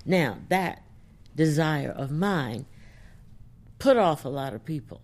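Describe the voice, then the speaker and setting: A woman author answering audience questions in a reflective, thoughtful way, pausing as she searches for words. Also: low-pitched, expressive. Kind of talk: reflective studio talk.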